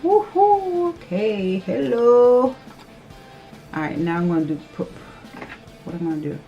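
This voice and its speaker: A woman vlogger chatting casually through a makeup tutorial, nervous and excitable, gasping and squealing often. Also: fairly low pitch, unhurried, dull audio, faint music behind. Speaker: beauty vlogger.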